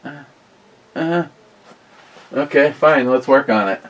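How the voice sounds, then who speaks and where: A man's voice: mid-range voice, slow pace, a bit bright, low-quality recording. A man hosting a casual live stream, reading viewer comments aloud and answering them with crude, rambling jokes and lots of fillers. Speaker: beer review livestream host.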